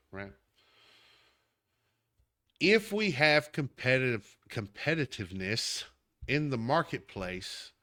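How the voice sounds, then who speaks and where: A male podcast host with a Southern accent delivers an emphatic, angry political rant right at his audience. His voice is mid-range, bright, and forceful in tone.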